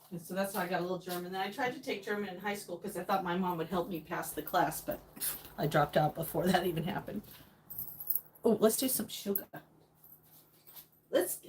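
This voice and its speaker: A woman's voice: medium pitch, a little hiss or hum. A middle-aged woman from New England, hosting a casual livestream chat with viewers, playful and laughing often. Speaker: livestream host chatting with viewers.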